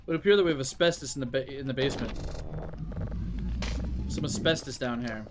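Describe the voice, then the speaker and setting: A man's voice: mid-range voice, fairly quick, background noise. A man streaming a game, thinking aloud to his chat in a loose, muttering, self-mocking way. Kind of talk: casual gameplay commentary to chat.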